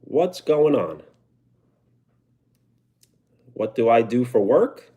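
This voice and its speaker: A man's voice: mid-range voice, big pitch swings, a little slow, warm tone, breathy edge. A young man with a New York accent, chatting casually on a live stream and answering viewer comments. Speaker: livestreamer.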